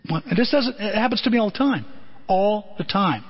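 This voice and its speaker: A middle-aged male pastor telling a story in a sermon, animated and conversational, with comic asides. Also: high voice, normal speed, slight background noise. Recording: dull lo-fi audio.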